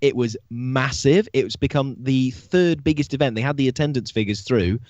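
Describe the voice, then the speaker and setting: A man's voice: medium pitch, normal speed, a little mellow, no echo. A man from the UK co-hosting a podcast, chatting with enthusiasm and saying "amazing" often. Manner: enthusiastic, says "amazing" a lot. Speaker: podcast co-host. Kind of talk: casual chat. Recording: dry, dull lo-fi podcast audio.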